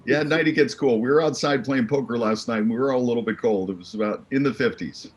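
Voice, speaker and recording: Male interview guest, upbeat and easygoing, average pitch, natural conversational delivery. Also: quick pace. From Arizona. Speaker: podcast guest, real estate investor. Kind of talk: relaxed interview talk.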